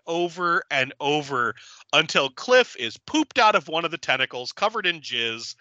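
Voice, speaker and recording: A man's voice: high-pitched, very animated, normal speed, bright, forceful tone, no echo. A man hosting a casual podcast, recapping a movie with profanity and acting out the characters' lines. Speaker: podcast host.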